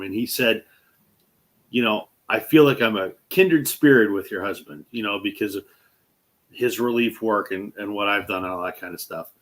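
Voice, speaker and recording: Lower-voiced man telling a story. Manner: animated retelling, acts out quoted speech; fillers and restarts. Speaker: host. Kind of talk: casual chat, storytelling.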